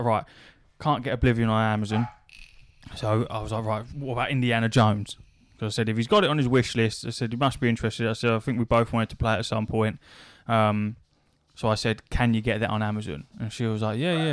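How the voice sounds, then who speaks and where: A podcast host spins a casual anecdote, cursing freely as he acts out both sides of a conversation. His voice sits at an ordinary middle pitch for a man. The sound is dry and close, with no room around it. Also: little pitch movement, a little fast, no echo. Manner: swears freely, relays a story with quoted back-and-forth dialogue. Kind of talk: casual storytelling chat.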